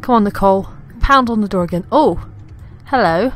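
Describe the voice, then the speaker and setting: A woman's voice: mid-range voice, lively intonation, normal speed. Chatty woman narrating her game. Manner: chatty, giggly, talks to her game characters. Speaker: gaming YouTuber. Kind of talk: casual Let's Play commentary. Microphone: desktop USB mic. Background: faint game music.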